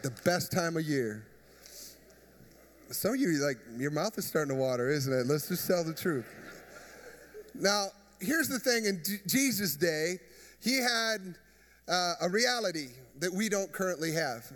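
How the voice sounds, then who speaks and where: A man's voice: high-pitched, a bit bright. A man preaching a sermon as pastor, conversational and joking, asking the congregation questions. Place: church. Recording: reverberant church hall.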